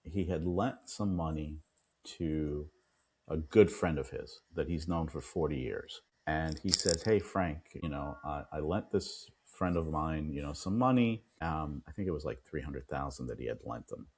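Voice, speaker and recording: A man, an attorney and podcast guest, telling a client story with lively quoted dialogue. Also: rumbling low, a little slow, slightly rough. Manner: animated retelling, acts out quoted dialogue. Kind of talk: storytelling in an interview.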